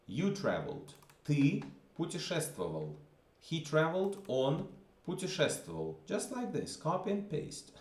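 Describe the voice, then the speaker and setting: A man's voice: lowish voice, creaky, roomy sound. A man teaching a grammar lesson, patiently repeating examples and checking in with the listener. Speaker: language teacher.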